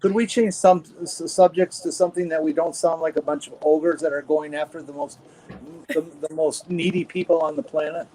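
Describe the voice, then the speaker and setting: A man's voice: on the high side, fairly even intonation, a little fast, mellow, rough recording. A man in casual chat, repeatedly and pleadingly trying to change the subject.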